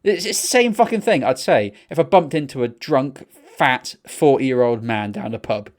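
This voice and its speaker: A young man, co-hosting a podcast and telling a rambling, sweary story in casual chat. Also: normal speed. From England. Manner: rambling, sweary storytelling with excited pitch jumps. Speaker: podcast co-host.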